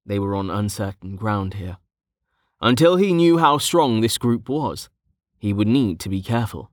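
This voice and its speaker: Guy reading a fantasy audiobook, steady, lowish voice, dry sound. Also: moderate pace, no echo. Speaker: audiobook narrator. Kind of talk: scripted narration.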